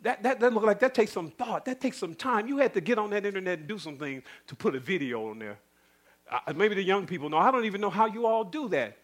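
A male preacher delivering a sermon, firing rhetorical questions at the congregation, chuckling and swinging between loud and hushed. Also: sits high, animated, fast.

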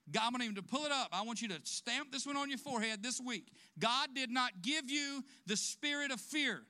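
A man's voice: very high-pitched, sharp tone. A man preaching a sermon to his congregation, asking them questions and laughing now and then between points. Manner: preaching directly to the congregation, rising emphasis, asks questions. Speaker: pastor.

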